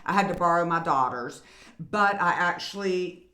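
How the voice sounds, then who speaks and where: Middle-aged woman, podcast co-host, lowish voice, chatty storyteller, echoey room. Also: moderate pace, pushed and bright. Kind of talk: casual chat.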